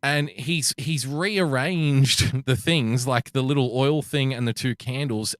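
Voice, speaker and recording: An Australian man co-hosts a podcast, telling a profane anecdote in casual chat and animatedly acting out the quotes. He speaks slowly with a medium-pitched voice, recorded on a podcast microphone with studio quality and no room sound.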